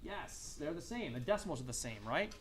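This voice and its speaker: A man's voice: on the high side, sing-song, a little fast, a little hiss or hum. A man teaching a math lesson in a classroom, asking students questions and repeating their answers. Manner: coughs and clears throat now and then. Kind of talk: classroom lecture.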